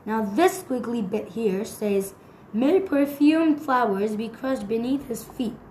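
A woman's voice: a little high, expressive, takes it slowly, a little mellow, a little hiss or hum. A woman voicing a tubby, teasing male professor who takes his time, in a storybook reading. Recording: echoey room.

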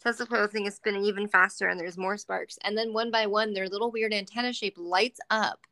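A woman's voice: mid-range voice, fairly even intonation, fairly quick, pushed and bright, dry recording. A woman co-hosting a podcast, chatting casually and animatedly with lots of giggles, fillers and swearing. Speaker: podcast co-host. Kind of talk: casual chat.

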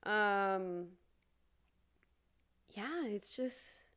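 A young woman hosting her own podcast, talking earnestly and casually, with sudden high emphatic bursts. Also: expressive, very slow, a bit bright. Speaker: podcast host. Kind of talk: casual solo podcast talk.

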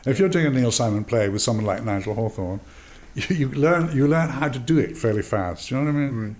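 An older actor and drama teacher tells anecdotes in a storytelling interview, animated, acting out dialogue in voices and laughing often. His voice is mid-range and a little fast.

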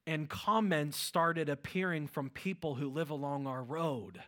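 Energetic Pittsburgh-accented preacher man. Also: fairly high pitch, unhurried. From Western Pennsylvania. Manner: energetic preaching with shouted exclamations. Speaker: pastor. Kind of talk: sermon.

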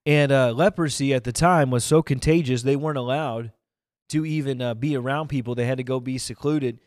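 A man preaching a fervent livestreamed sermon, speaking straight to viewers on camera and rising to loud emphatic declarations. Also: mid-range voice, steady tone, fairly quick, dry recording. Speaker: evangelist preacher. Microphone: camera mic, speaking to online viewers.

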